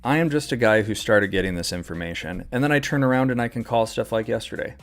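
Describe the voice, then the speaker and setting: A man's voice: mid-range voice, animated, fast talker, soft background music. A man hosting a live trading stream, talking casually and ranting with a lot of swearing and exasperation. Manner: casual, filler-heavy talk. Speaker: trading livestream host. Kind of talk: live-stream market commentary.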